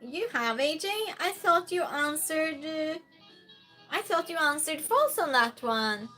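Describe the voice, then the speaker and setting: A woman's voice: sits high, animated, measured pace, sharp tone, faint music behind. A woman hosting a casual live stream, greeting viewers by name and reading their comments aloud during a true-or-false game.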